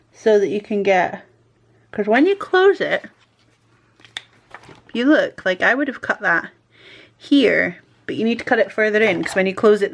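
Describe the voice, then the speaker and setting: A woman with a mid-range voice and vocal fry chats casually while crafting as a stationery vlogger. She's self-deprecating and talks to herself as she works.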